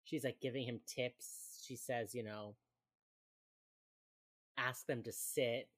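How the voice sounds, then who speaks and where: Very low-voiced chatty young woman. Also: fairly even intonation, takes it slowly. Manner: chatty, laughs often, acts out quoted lines. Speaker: podcast co-host recapping a TV episode. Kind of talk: casual chat.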